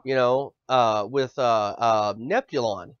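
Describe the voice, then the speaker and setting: A man's voice: mid-range voice, slow, smooth, no echo. A male podcast host ranting in casual chat, swearing often and stammering over repeated words. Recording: dull dry lo-fi audio.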